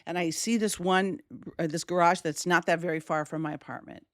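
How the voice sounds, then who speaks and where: Animated woman telling a personal story. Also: fairly low pitch, a little fast, dry recording, clean studio sound. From Wisconsin, USA. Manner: animated, acts out quoted voices.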